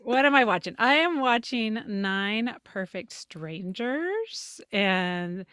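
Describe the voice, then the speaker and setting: Chatty woman co-host for a casual podcast chat, quick to laugh, recorded dry. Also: mid-range voice, sing-song, a bit bright, clean tone, dry recording. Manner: chatty, laughing, self-correcting.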